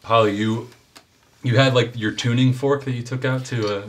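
A man running a tabletop game as game master, narrating the scene with lively energy and frequent fillers. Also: medium pitch, moderate pace, slight background noise. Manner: energetic, descriptive, many fillers.

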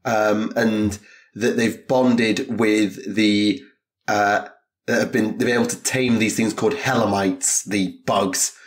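A man co-hosting a podcast, explaining things in a measured, hesitant way in casual chat. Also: fairly low pitch, fairly even intonation. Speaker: podcast co-host.

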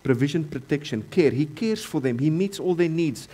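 A man with a South African accent preaching a sermon in a church, repeating key phrases and swinging between loud emphasis and quieter stretches. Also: fairly high pitch, lively intonation, normal speed, breathy edge. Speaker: pastor.

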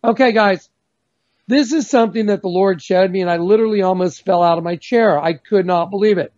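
A man giving a fervent, emphatic religious testimony as a guest on a video call, slowing down to stress key words. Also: sits high, darkish tone. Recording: dull lo-fi sound.

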